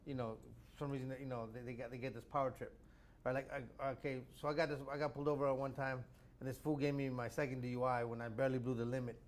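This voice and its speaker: A man in casual chat, telling a story fast with stammering repeats. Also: medium pitch, flat delivery.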